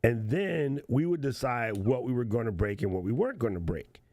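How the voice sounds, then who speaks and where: A man's voice: medium pitch, lively intonation, fairly quick, darkish tone, dry recording. A man hosting a casual livestream show, playful and slangy, laughing often as he chats. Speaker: show host.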